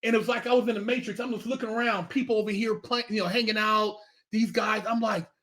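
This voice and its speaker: Middle-aged guy, really high voice for a man, swears constantly, acts out every quote. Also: quick pace. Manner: animated, emphatic, heavy swearing, acts out quotes. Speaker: podcast guest. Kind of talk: casual chat, storytelling.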